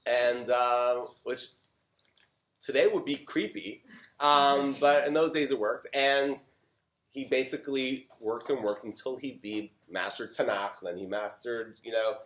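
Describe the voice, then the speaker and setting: A man's voice: mid-range voice, fairly even intonation, measured pace, fairly bright tone. A middle-aged man from Canada, a rabbi giving an informal Torah talk, chatting with many fillers and joking asides. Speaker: rabbi teaching a class. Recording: roomy echo.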